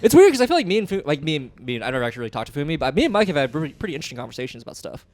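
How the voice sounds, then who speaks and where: A man's voice: a little high, sing-song, rapid-fire, a little mellow, dry recording. Laughing man co-hosting a podcast. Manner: laughs often, jokey and self-mocking. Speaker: podcast co-host. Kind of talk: casual chat.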